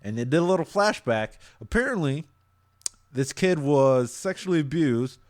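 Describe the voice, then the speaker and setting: A man's voice: on the high side, lively intonation, normal speed, a little mellow. A man co-hosting a casual podcast, laughing often and stumbling over his words as he recaps episodes. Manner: laughs often, stammers and restarts. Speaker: podcast co-host. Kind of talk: casual chat reviewing anime.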